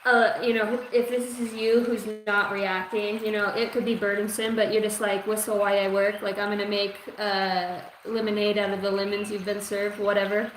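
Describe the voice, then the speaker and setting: A woman's voice: mid-range voice, level tone, moderate pace, few pauses. Rambling, profane woman psychic in an echoey room. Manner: casual, profane, rambling with many fillers. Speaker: psychic reader. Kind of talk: livestream channeled oracle reading. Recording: echoey room with faint ambient noise.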